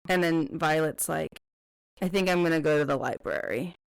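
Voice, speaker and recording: A young woman with a lowish, smooth voice co-hosts a relaxed book-discussion podcast. She chats loosely with plenty of fillers and slips into the characters' lines as she talks. The sound is close and dry. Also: moderate pace, no room sound. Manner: chatty, many "like" fillers, slips into quoting characters. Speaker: podcast co-host.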